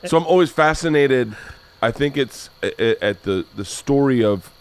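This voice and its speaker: A man's voice: mid-range voice, animated. A man hosting a casual podcast chat who rambles, swears freely, and restarts his sentences often. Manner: rambling, profane, halting restarts. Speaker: podcast host.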